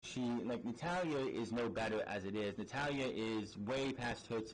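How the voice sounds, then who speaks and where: A man's voice: medium pitch, low-quality recording. A man giving a blunt, sarcastic recap of a wrestling episode, swearing freely and restarting his sentences often. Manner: rapid recap with frequent restarts and fillers. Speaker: wrestling show reviewer. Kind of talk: casual recap commentary.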